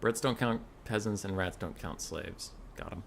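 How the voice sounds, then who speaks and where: A man's voice: on the low side, normal speed, vocal fry, a little hiss or hum. A man streaming a strategy game, chatting casually and joking with friends. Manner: laid-back, joking, laughs often. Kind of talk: casual gaming chat.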